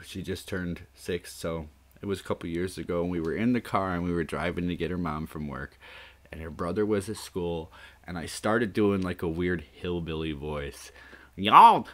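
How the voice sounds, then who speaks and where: A man's voice: low voice, moderate pace. A man in his thirties hosting a livestream, chatting in a rambling way and often laughing. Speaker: streamer host. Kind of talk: casual livestream chat.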